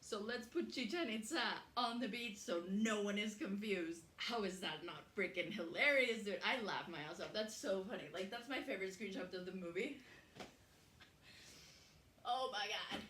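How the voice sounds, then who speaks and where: A woman's voice: mid-range voice, normal speed, a bit bright, a little hiss or hum. A young woman hosting a casual cooking vlog in her home kitchen, chatty, swearing freely and laughing easily. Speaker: cooking show host. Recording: roomy kitchen echo.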